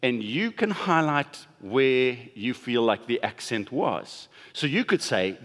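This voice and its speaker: A man's voice: medium pitch, big pitch swings, unhurried, few pauses, fairly bright tone. A man pastor giving a conversational sermon, leaning hard on stressed words for emphasis. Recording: long hall reverb.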